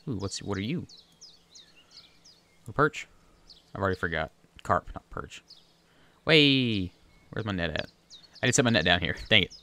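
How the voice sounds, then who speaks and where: A man's voice: deep voice, lively intonation, moderate pace, pauses often, sharp tone. A man chatting casually and rambling through gameplay commentary at his home desk, talking to the fish on screen. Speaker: gaming video creator. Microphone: USB desk microphone.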